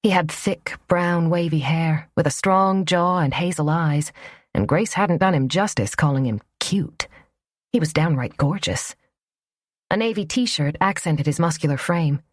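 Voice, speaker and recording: Low-voiced woman reading a romance audiobook. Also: no echo, clean studio sound. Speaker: audiobook narrator. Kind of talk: scripted narration.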